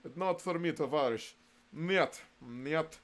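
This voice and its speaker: A jokey Russian comrade with a put-on Russian accent, as a man does the voice, all broken English and swagger about his rifle. The voice sits a bit high and keeps its fake gruffness steady. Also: slow, a little hiss or hum. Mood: boastful.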